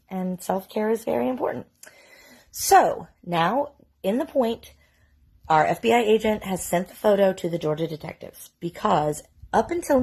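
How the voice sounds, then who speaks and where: Husky-voiced woman telling a storytime. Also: fairly low pitch. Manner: casual, chatty, sprinkles in "like" and mild swearing. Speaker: mother telling a family story. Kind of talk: storytime vlog.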